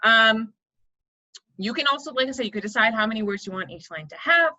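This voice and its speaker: A young woman's fairly high, expressive voice comes across pushed and bright as she moves at a fairly quick clip through an online poetry lesson for kids. Encouraging throughout, she explains step by step and keeps checking in with "right?" and "okay?" The audio is dull lo-fi.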